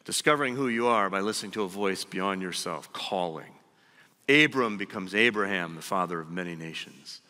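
A man preaching a sermon, emphatic and deliberate, slowing down to stress his key phrases. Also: sits low, sharp tone. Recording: long hall reverb.

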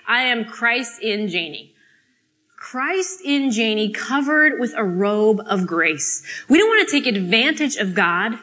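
Bright-voiced woman telling a dramatic sermon. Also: fairly high pitch. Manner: theatrical, expressive storytelling with pauses. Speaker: speaker at a student fellowship. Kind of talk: dramatic spoken-word sermon.

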